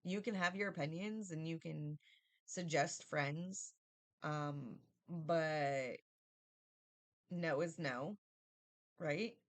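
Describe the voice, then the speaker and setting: A woman's voice: low-pitched, very slow, long pauses. A woman giving a casual, rambling Bible study review, thinking aloud and often asking "right?".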